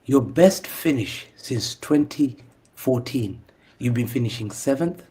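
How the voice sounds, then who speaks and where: A man trading heated football banter, his mockery full of taunts he repeats again and again. His voice sits at an ordinary male pitch. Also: lively intonation, measured pace, warm tone. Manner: mocking, repetitive taunting. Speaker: panelist.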